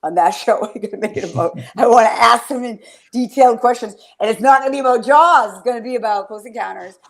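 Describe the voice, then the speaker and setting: A woman co-hosting a show in casual chat, excitable and rambling as she tells stories. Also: fairly high pitch, fast, creaky. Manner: bubbly, excitable, rambling storyteller. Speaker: podcast co-host.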